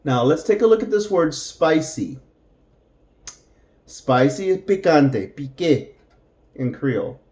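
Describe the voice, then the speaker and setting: A man teaching a beginner English lesson, drawing out example phrases slowly and clearly so learners can repeat them. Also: on the high side, lively intonation, darkish tone.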